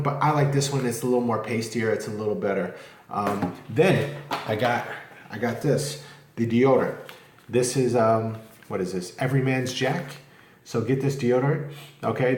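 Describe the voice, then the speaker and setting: A man's voice: mid-range voice, a little mellow. A man vlogging casually at home, talking candidly and rambling, with occasional cursing. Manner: rambling, candid, curses freely. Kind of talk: casual vlog talk to camera. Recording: echoey room.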